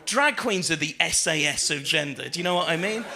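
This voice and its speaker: A man performing stand-up on a comedy stage, his voice pitched high and strikingly bright and sharp. He talks in a loose, chatty way full of fillers and swearing, then pushes up into shouted punchlines. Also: expressive, a little fast, creaky. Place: comedy stage with live audience.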